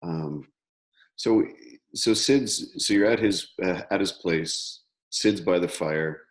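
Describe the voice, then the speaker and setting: A man hosting a casual interview call, asking halting, repeated questions and giving short encouraging replies. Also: sits low. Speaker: interviewer, coach.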